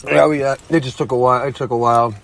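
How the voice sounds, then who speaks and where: A relaxed man chatting at home for his podcast. His voice sits at an ordinary middle pitch, with a faint hum of noise behind him. He keeps things easygoing and fills pauses with soft murmurs of agreement. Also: creaky. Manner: laid-back, lots of murmured agreement. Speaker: podcast host. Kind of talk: casual chat at home.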